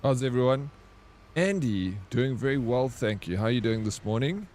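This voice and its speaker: A man's voice: mid-range voice, animated, moderate pace, a little mellow, a little hiss or hum. A man streaming a game, chatting casually and bantering with viewers as he reads their messages aloud. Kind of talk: casual livestream chat.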